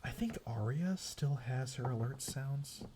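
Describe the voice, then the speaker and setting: A young man streaming as a VTuber, rambling softly in a quiet ASMR chat that slips into whispers. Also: medium pitch, lively intonation, a little slow, background noise. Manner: soft rambling, drifting between quiet voice and whisper.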